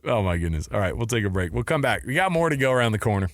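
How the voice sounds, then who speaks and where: Male sports radio host from Texas, lively pitch, playful and jokey, dry close mic. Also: racing, no room sound. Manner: playful, jokey, puts on silly voices. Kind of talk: casual sports talk.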